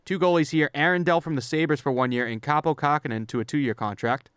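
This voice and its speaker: A man co-hosting a sports podcast, briskly reading through lists of stats and signings and then chatting casually. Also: a little high, a bit bright, clear, resonant tone, no room sound, studio quality. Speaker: podcast co-host.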